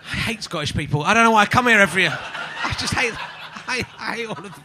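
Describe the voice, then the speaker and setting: A man in his forties hosting a live comedy podcast, rambling and self-mocking, prone to sudden shouting. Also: sits high, animated, fast. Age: 40s. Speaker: podcast host. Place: live venue with audience.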